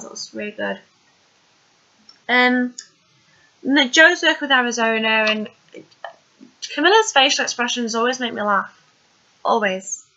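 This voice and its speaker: A woman's voice: fairly high pitch, sharp tone, highs cut off. A woman casually recapping a TV episode, chatty and rambling with plenty of fillers.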